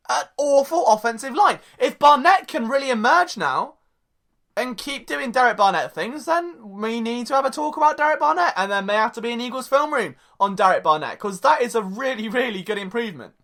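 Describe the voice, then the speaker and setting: Casting note: young male podcast host with a bright voice, rambling and jokey, breaking down football. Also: extremely high pitch, animated, normal speed, gravelly. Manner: jokey, rambling, self-interrupting. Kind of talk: casual sports podcast monologue.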